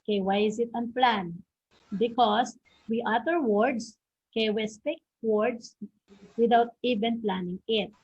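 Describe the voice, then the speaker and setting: Filipino woman teacher, fairly high, husky voice, lots of "okay", slow drawn-out examples, dull lo-fi sound. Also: fairly even intonation, darkish tone. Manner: fills with frequent "okay"; slow, drawn-out model pronunciations. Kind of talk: online lesson. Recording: husky, dull lo-fi home recording.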